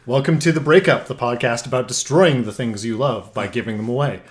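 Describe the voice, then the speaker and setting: A man's voice: medium pitch, brisk. A man co-hosting a comedy podcast, chatting casually and laughing easily. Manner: giggly, breaks into laughter easily. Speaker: podcast co-host.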